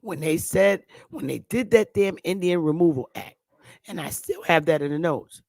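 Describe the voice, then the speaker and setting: Animated Northern US woman, blunt talk. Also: lowish voice, moderate pace, no echo. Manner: animated, blunt, swears freely. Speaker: channel host. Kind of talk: casual commentary.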